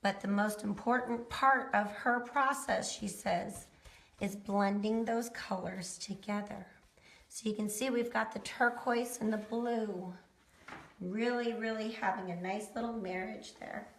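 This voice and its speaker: A woman's voice: mid-range voice, fairly even intonation, a little slow. A woman giving a casual how-to painting demonstration, chatting folksily to viewers as she works. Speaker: DIY painting instructor. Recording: roomy echo.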